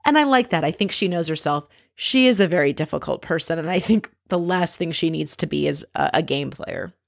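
Chatty woman with a low voice. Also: lively intonation, brisk, gravelly, dry recording, clean studio sound. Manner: chatty, wry, laughs often. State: married. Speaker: reality show recap host. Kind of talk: casual episode recap.

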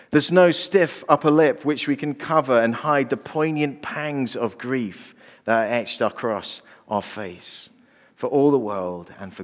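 Earnest preacher in a reverberant hall. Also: male voice, mid-range voice. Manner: earnest, personal storytelling preaching. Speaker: pastor. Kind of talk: sermon. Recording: long reverb of a large hall.

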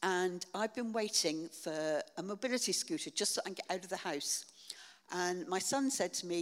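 An older woman tells her story into a shared handheld mic in an earnest, halting way, filling pauses with ums. Her voice sits low, and it rings with the long reverb of a church hall. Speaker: church member sharing testimony. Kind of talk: personal testimony in church.

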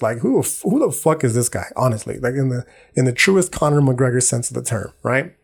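A man's voice: mid-range voice, breathy edge. A young adult man hosting a podcast, talking in a blunt, profane monologue full of street slang. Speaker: podcast host. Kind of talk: casual monologue.

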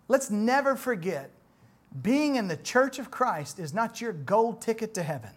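A middle-aged man preaching a sermon, dropping his voice low and then rising to loud rhetorical questions. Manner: dramatic swings from soft to loud, rhetorical questions.

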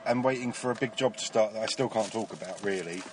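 An English man co-hosting a casual podcast from inside a car, talking in a dry, deadpan, joking way. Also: on the low side, quick pace. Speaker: podcast co-host. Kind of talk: casual chat. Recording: distant mic with faint background noise.

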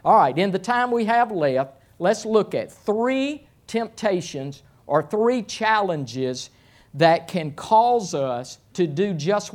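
Slow-talking preacher man. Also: high-pitched, a little mellow. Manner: slow, deliberate delivery. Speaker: pastor. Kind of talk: sermon.

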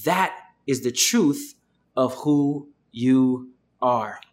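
A man's voice: mid-range voice, expressive, extremely slow. A man preaching a sermon to his congregation, passionate and rhythmic. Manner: impassioned preaching, ending in a rhythmic rapped prayer. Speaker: pastor.

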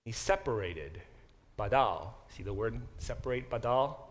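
A man teaching a Bible class as a professor, thinking aloud with restarts and slowing down to sound out Hebrew words. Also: fairly low pitch, animated. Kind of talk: classroom lecture.

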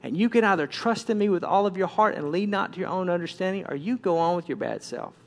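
A preacher voicing God as a stern, quiet, measured inner voice. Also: male voice, sits high, expressive. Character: God as a stern still small voice.

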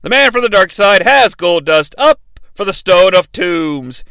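Sarcastic man with a gravelly voice. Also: high-pitched, animated, a little slow, pushed and bright, no echo. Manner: sarcastic, profane asides. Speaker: podcast host recapping a wrestling event. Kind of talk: comedic play-by-play recap.

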